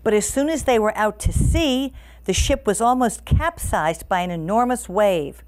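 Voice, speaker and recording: A woman storyteller reading a picture book aloud with an expressive, animated delivery. Her pitch moves freely across a medium range, rising and falling with the tale. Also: normal speed.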